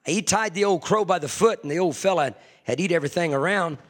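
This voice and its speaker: A man preaching a sermon fervently, swinging from hushed confession to ringing shouts. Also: sits high, fast.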